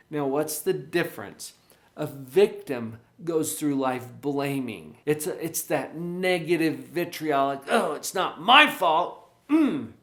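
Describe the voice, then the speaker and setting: A man, a parenting coach and author, giving an animated motivational talk to camera, full of rhetorical questions. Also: fairly high pitch.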